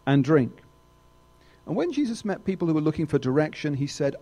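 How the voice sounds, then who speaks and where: Animated man preaching a sermon. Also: a little fast. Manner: animated, wide swings in pitch, emphatic.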